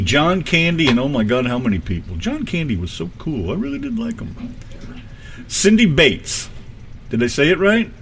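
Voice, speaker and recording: A man co-hosting a home radio show, bantering and teasing with his wife and sometimes singing snatches of tunes. His voice bounces wildly up and down over a slightly high pitch, with a faint hiss of room sound behind him. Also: a bit bright. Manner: joking, playful, sings bits.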